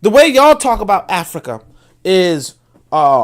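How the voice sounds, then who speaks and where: Brooklyn man hosting a livestream, high-pitched, emphatic, repeats phrases for weight. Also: sing-song, fairly quick. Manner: emphatic, repeats words when building a point; reads viewer comments aloud. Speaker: livestream host. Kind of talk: casual livestream commentary.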